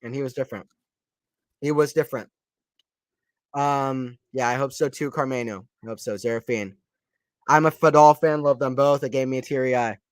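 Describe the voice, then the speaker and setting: A fairly high-pitched man calls a tennis match live for his stream, upbeat and chatty. He keeps repeating lines and talks straight to viewers between points. The sound is dry and close. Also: no room sound. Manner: excited, chatty, repeats phrases, reads out chat. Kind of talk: casual play-by-play tennis commentary.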